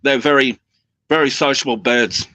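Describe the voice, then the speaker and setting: A man chats casually into his phone, rambling and restarting and copying his birds' little phrases. His voice is bright and forward, recorded dry and close. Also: mid-range voice, normal speed, no echo. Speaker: guest parrot keeper. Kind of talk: casual chat.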